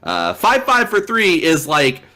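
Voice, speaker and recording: A man's voice: fairly high pitch, huge pitch swings, measured pace, sharp tone. A man co-hosting a casual gaming podcast, teasing his guests and laughing often as he talks. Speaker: podcast co-host.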